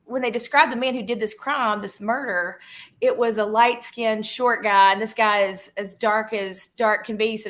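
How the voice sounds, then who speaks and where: A woman guest on a podcast, telling a story in an animated way with frequent restarts. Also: a little high, normal speed. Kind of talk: casual podcast conversation.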